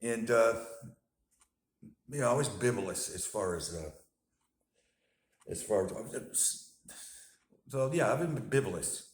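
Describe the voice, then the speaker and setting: A low-voiced man talks through a casual video diary, rambling with fillers and self-corrections. He is self-deprecating and chuckles at his own stories. The sound has a roomy echo. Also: animated, takes it slowly, long pauses. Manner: self-deprecating, laughs at himself. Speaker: vlogger sharing his life with bipolar disorder.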